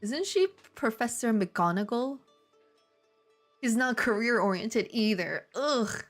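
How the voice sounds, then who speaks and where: A young woman hosts a comedic fanfic read-through, reading passages slowly in a slightly high, animated voice. Between them she drops incredulous, laughing asides, with faint music playing behind her.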